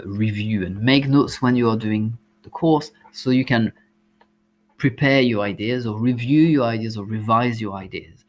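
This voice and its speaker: A man with a French accent, a language teacher giving exam tips, explaining step by step with frequent ums and uhs. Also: fairly low pitch.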